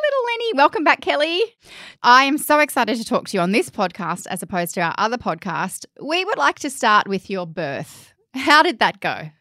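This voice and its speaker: A woman hosting a podcast, bubbly and quick to laugh. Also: high voice, fairly bright tone, no room sound, clean studio sound. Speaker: podcast host. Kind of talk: casual chat.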